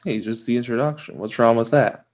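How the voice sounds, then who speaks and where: A man's voice: mid-range voice, brisk, darkish tone. A man co-hosting a casual comedy podcast, reading text aloud and adding short replies. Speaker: podcast co-host.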